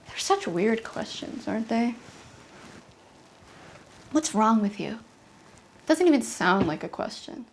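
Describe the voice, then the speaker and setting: A young adult woman performing a confessional comedy monologue, intense and halting, with an emotional delivery. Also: fairly high pitch, lively intonation, slight background noise. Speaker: solo comedian. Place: apartment.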